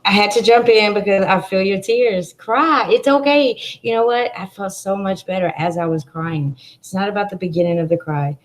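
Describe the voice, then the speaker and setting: A woman's voice: fairly low pitch, a little mellow, poor audio. A woman hosting a livestream chat, talking in an effusive, heartfelt, spiritual way over a video call. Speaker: livestream host. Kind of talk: emotional live chat.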